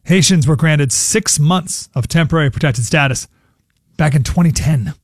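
A man's voice: fairly high pitch, normal speed, no room sound, studio quality. Punchy male radio news anchor. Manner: punchy, opinionated delivery. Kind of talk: news roundup reading.

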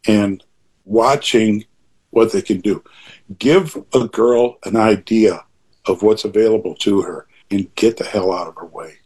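An older man, an author being interviewed, speaks in a lowish, husky voice. His reflective talk is earnest and rambling, with frequent restarts and asides.

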